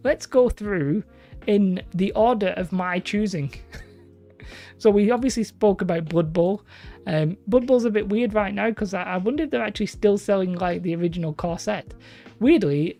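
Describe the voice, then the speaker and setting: A woman chats her way through a live stream in a low, warm voice. She rambles and is self-deprecating as she answers viewers. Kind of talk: casual live-stream chat reading comments.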